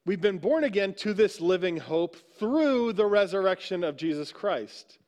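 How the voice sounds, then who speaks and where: High-voiced man preaching conversationally. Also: expressive, normal speed, darkish tone. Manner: conversational preaching, frequent "right?" asides. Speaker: pastor. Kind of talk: sermon. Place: church sanctuary.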